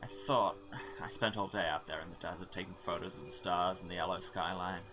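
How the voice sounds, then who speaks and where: A man's voice: low voice, steady tone, fairly quick, over music. Man reading as a flustered young photographer. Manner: rambling, slightly anxious. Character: young male traveling photographer, flustered, friendly.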